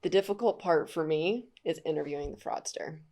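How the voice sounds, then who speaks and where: A woman's voice: low voice, fairly quick, dark tone. A woman hosting a podcast interview, talking candidly and conversationally, laughing easily. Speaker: podcast host. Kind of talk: casual interview chat.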